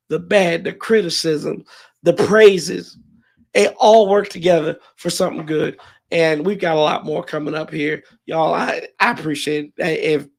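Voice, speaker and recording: A fan show host runs a livestream, his rather high voice hoarse and emotional. He thanks his viewers in a rambling, heartfelt way, restarting his sentences many times.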